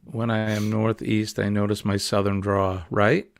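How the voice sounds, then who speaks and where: A man's voice: fairly low pitch, level tone, a little slow, no echo, clean studio sound. A man with a New England accent hosting a casual, rambling morning livestream chat. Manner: chatty, rambling, easygoing. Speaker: livestream host.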